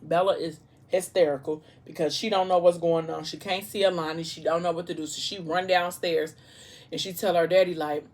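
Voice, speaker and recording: Woman vlogger with a lowish voice, chatty and animated storyteller. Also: brisk. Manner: chatty, animated plot retelling with asides. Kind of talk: casual storytelling during a mukbang.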